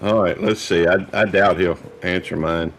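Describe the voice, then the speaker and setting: A man's voice: low voice, fairly even intonation, normal speed, background noise. A middle-aged man co-hosting a casual livestream chat, talking with many fillers and restarts. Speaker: livestream co-host.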